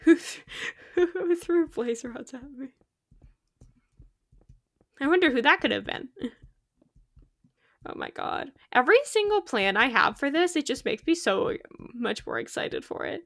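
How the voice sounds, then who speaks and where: A bubbly young woman chatting through a game stream, giggling and getting excited as she talks. Her voice sits a little high, and the sound is close and dry, with no room around it. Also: a little slow, long pauses, dry recording. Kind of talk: casual gaming stream chat.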